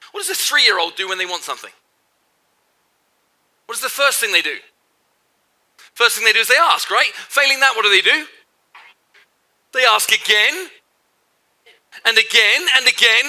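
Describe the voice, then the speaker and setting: A man's voice: sits high, bright, forceful tone. A middle-aged man giving a motivational keynote to a live audience, emphatic and repetitive, firing questions at the crowd. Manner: emphatic, repeats phrases for effect, asks the audience questions. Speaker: keynote speaker. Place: large hall before a live audience.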